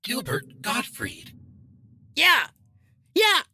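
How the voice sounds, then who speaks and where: A man doing an impression of a shrill, angry male comedian in an improv game, shouting in a grating voice. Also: sing-song, drawn-out words, full character voice.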